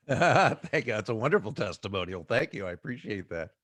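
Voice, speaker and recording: A man's voice: fairly low pitch, normal speed, dry recording, clean studio sound. A middle-aged man from the Boston area with a faint Boston accent, an author telling stories as an interview guest and laughing often. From Boston area, USA. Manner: animated storyteller who laughs often. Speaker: author and sales speaker, guest. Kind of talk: casual interview storytelling.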